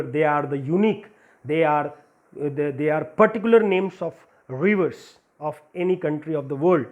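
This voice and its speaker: A man teaches a grammar lesson for school students. He goes patiently, repeating points and listing example after example so that each rule is clear. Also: high voice, darkish tone.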